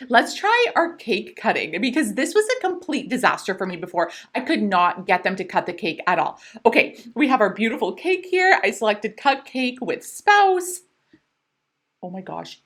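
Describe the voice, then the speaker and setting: A young woman giving casual gameplay commentary, excitable and giggly, breaking into squeals. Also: high voice. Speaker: gaming YouTuber.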